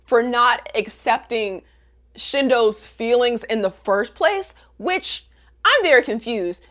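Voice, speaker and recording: Animated, sassy woman recapping a story. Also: a little high, slow. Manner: animated, slangy, sassy commentary. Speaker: manga reviewer. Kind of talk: casual comic recap.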